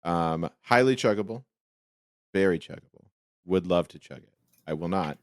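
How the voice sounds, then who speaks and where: A man with a very low voice hosts a casual podcast chat. He rambles, jokes and drifts off on tangents. The sound is dry and close. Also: moderate pace, clear, resonant tone, dry recording. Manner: joking, rambling, playful voice shifts. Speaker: podcast host.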